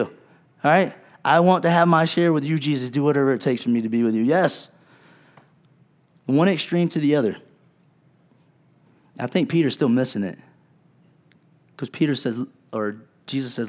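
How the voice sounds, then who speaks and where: A male pastor preaching a sermon in a conversational way, acting out the people he quotes and dropping to a low, soft voice for emphasis. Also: moderate pace, pauses often. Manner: wide swings in loudness, drops low and soft for emphasis.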